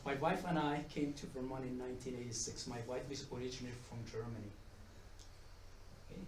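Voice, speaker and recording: A man's voice: medium pitch, fairly even intonation, quick pace, far from the mic, noisy background. Man lecturing in an echoey hall. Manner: chatty, repeats and restarts words, tells jokes. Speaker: economics professor giving a talk. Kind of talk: conference presentation. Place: conference room with audience. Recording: echoey room, mic from afar.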